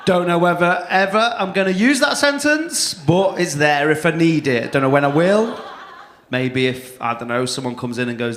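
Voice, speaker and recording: A man's voice: on the high side, sing-song, moderate pace, noisy background. A male comedy compere, doing brash, teasing crowd work full of swearing at a stand-up gig. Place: comedy club stage. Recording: echoey club room.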